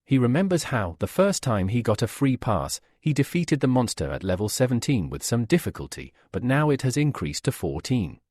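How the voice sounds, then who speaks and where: Brief: male recap narrator, husky, dry close sound, very lively pitch. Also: moderate pace, hardly any pauses, no room sound. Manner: steady storytelling, reads all quotes. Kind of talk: scripted narration.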